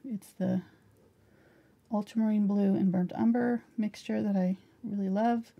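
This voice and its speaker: A woman's voice: mid-range voice, steady tone, a little slow, gravelly, muffled recording. A middle-aged woman teaching a live painting tutorial, chatting casually while she paints. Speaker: painting instructor.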